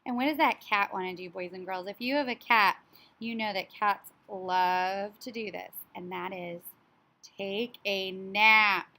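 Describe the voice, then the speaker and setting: A woman teacher talks young children through the order of a story, slowly and with clear, careful emphasis. Her voice is bright and forward, and her delivery is animated and child-friendly. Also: medium pitch. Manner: slow, animated, child-directed, imitates animal sounds.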